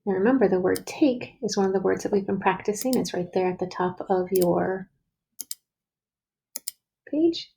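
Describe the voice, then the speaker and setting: A woman's voice: medium pitch, normal speed, gravelly, pauses often, warm tone, slight background noise, poor audio. A woman teacher leading a recorded writing lesson for young children, patiently sounding out each word and letter.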